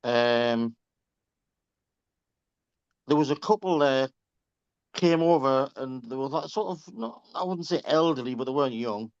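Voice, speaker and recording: A man's voice: medium pitch, a little slow, long pauses, clear, resonant tone, dry recording. A man casually telling anecdotes to his group, swearing freely and laughing as he goes. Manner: chatty, swears freely, laughs through stories. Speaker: reading group member on a group call. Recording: slightly dull, dry lo-fi call audio.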